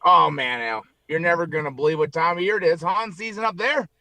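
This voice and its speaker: An upbeat man tells jokey stories as a radio guest. His voice is bright and a little high. The sound is dry and close, as in a studio. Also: quick pace, no echo. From United States. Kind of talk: casual radio interview chat.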